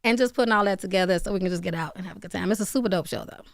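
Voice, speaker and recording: A woman in her late thirties, a comedian guest chatting on a radio show, loud and laughing, swearing freely. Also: medium pitch, rapid-fire, gravelly, no room sound, studio quality. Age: 30s. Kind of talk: casual radio interview chat.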